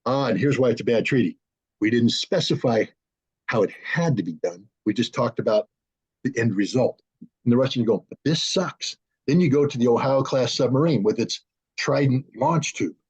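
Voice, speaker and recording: A man speaking as an arms control analyst in a panel discussion, animated, acting out both sides in quoted dialogue. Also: medium pitch, normal speed, breathy edge. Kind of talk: conversational panel talk. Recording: dull lo-fi remote audio.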